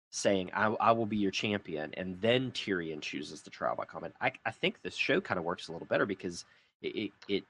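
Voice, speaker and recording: Low-pitched male co-host; thoughtful, analytical chat. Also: fairly bright tone. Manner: reflective, builds long comparisons. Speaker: podcast co-host. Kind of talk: casual discussion.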